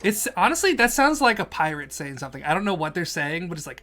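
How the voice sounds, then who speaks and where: A man's voice: a little high, very animated, fast talker, few pauses, pushed and bright, slight background noise. A man streaming a game, chatting casually and goofily while reading chat questions aloud and answering them. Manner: goofy and jokey, reads chat aloud and answers it. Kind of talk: casual live-stream commentary while playing.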